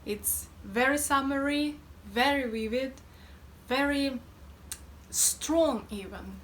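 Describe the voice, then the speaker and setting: A woman's voice: high-pitched, slow pace, slight background noise. A woman with a Russian accent teaching a pronunciation lesson, chatty and playful, who repeats sounds over and over in drills. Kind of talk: slow, careful pronunciation lesson.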